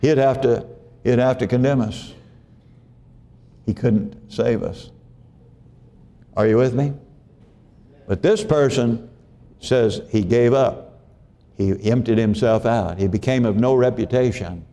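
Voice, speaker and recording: Speaking slowly with frequent pauses, a man with a dark, mid-range voice preaches as a pastor. His sermon is folksy and repetitive, and he regularly asks the congregation questions to see if they follow.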